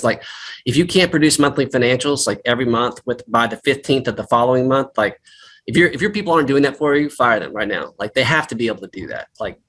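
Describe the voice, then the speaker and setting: A man's voice: mid-range voice, a bit bright, husky. A man hosting a business training webinar, speaking in an emphatic, direct way with plenty of "like" fillers. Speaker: webinar host and M&A advisor.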